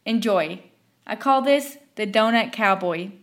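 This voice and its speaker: A woman telling a story from her fast-food job in an animated way, acting out the characters. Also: mid-range voice. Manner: animated, acts out every character. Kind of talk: storytelling narration.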